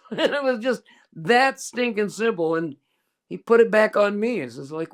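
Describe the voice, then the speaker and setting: High-voiced rambling man telling stories. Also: animated, normal speed. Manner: rambling, self-interrupting storyteller. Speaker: guest musician. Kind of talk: casual conversation.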